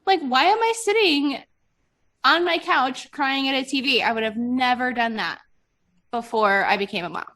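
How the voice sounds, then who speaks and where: Bright-voiced chatty woman host. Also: sits high, moderate pace. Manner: chatty, expressive, swears casually. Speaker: podcast host. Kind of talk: casual chat.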